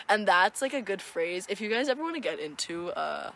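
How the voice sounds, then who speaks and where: A woman's voice: mid-range voice, expressive, brisk, hardly any pauses, fairly bright tone. A young woman co-hosting a podcast, chatting casually in a rambling, profane way and giggling often. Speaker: podcast co-host. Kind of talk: casual chat.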